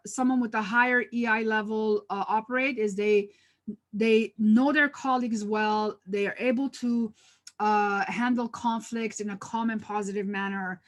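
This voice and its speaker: A woman's voice: medium pitch, a bit bright. A woman presenting a live workshop over a video call, talking conversationally with many fillers and restarts, telling stories from her own work.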